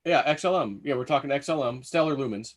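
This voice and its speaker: A man's voice: mid-range voice, quick pace. A man hosting a casual livestream, thinking aloud in a loose, rambling way.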